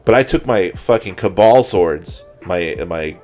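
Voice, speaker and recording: Man, low-pitched, casual chat, rambling, profane, repeats himself. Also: lively intonation, measured pace, darkish tone, soft background music. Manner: rambling, profane, repeats words while telling a story. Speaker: podcast co-host.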